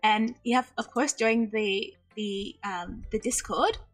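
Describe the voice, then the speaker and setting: A woman's voice: a little high, fairly even intonation, slow pace, faint music behind. A woman streaming a game and chatting casually, bubbly and giggly, sprinkling in Japanese phrases. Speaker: VTuber streamer. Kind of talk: casual livestream chat.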